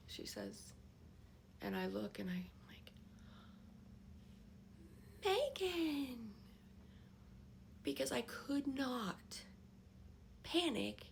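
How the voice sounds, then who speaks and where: An older woman, a grandmother, telling a personal story to camera in an emotional, reflective way, often dropping into soft whispers. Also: on the high side, creaky, slight background noise. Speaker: vlogger.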